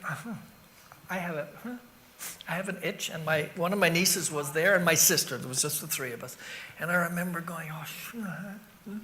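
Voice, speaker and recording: A middle-aged Irish man, a rock singer being interviewed, telling animated stories that wander off on tangents and act out scenes with sound effects. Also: sits high, slight background noise. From Ireland. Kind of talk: anecdotal interview storytelling.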